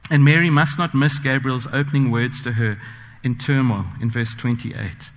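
A man's voice: mid-range voice, moderate pace, a bit bright. A man preaching a sermon, earnest and personal, telling stories with frequent fillers. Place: church sanctuary. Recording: long church reverb.

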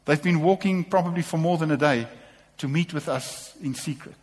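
A man's voice: a little high, moderate pace, big-room sound. A man preaching a sermon to a congregation, impassioned and repeating short calls to take courage.

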